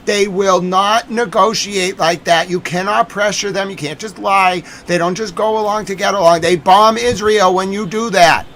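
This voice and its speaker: A man's voice: high-pitched, fairly even intonation, normal speed, few pauses, fairly bright tone, a little hiss or hum. A man live-streaming his reaction to the news, ranting, swearing and repeating himself.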